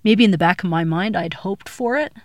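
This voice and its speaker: Speaking fairly quickly in a mid-range voice, a middle-aged Colorado woman recounts her past while being interviewed, animatedly performing the voices of those she quotes. The recording is dry.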